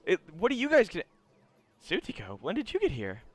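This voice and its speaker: A man voicing an excitable, eager young male class president in a tabletop game. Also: high voice, brisk, pitched above the performer's own voice, heavily acted. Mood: excited. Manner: eager, gushing.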